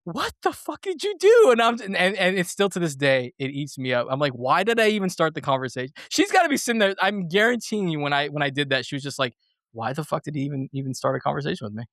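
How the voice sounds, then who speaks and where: A lively man hosting a movie podcast, telling an awkward story in casual chat. His voice sits a little high and swings widely as he acts out the people in the story, and he laughs and swears freely. The sound is dry and close. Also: quick pace, no echo. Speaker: podcast host.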